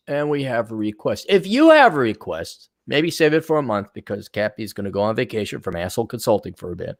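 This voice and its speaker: A man's voice: fairly low pitch, very animated, a little fast, few pauses. A man giving crude, sarcastic, rambling commentary as a vlog host. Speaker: vlogger and consultant.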